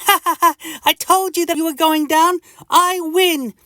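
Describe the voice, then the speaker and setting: A man voicing a tiny, fuzzy, smug male itch creature in a children's audiobook, with a high squeaky voice. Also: measured pace, dry recording, clean studio sound. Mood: gloating.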